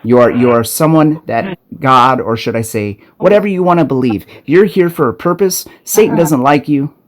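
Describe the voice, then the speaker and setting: A man's voice: medium pitch, lively intonation, moderate pace. Urgent, profane man recording on a phone. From Arizona. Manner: urgent, profane, repetitive restarts. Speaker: self-made video preacher. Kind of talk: impassioned spiritual warning monologue. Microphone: smartphone.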